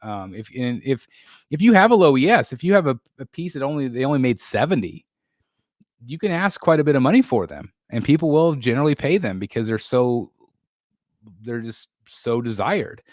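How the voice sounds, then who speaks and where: A man's voice: mid-range voice, sing-song, normal speed, a little mellow, dry recording, studio quality. A man hosting a casual live stream, chatting loosely with viewers and reading their comments, rambling with lots of fillers and restarts. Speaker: livestream host.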